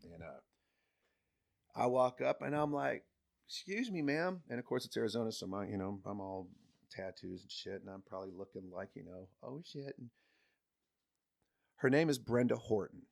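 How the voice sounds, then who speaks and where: A man telling a personal story as a guest on a podcast, animated, jumping from loud emphasis to hushed asides. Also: lowish voice, normal speed, creaky, pauses often. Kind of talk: casual storytelling.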